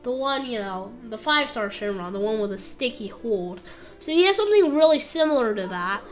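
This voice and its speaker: A woman's voice: on the high side, expressive, faint music behind. A woman casually reviewing an anime episode, rambling with lots of fillers and acting out bits of dialogue. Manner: rambling, full of fillers and quick impressions.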